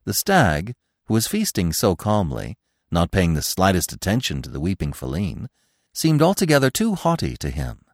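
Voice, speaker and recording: A man's voice: low voice, wildly swooping pitch, moderate pace, no echo, studio quality. A man narrating a classic children's story expressively as a podcast host. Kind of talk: audiobook narration.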